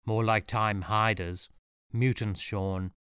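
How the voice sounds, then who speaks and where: A man voicing a sinister, gloating Roman trade leader in an audiobook reading, with a low voice. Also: fairly even intonation, takes it slowly, fairly bright tone, smooth, no echo, clean studio sound. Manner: gloating, cruel laughter. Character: sneering sinister male Roman villain.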